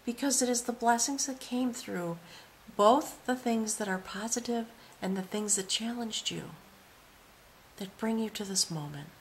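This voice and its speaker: A woman's voice: fairly high pitch, unhurried, slight background noise. Awed woman giving a tarot reading. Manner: awed and reverent, dropping to soft whispers. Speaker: tarot reader.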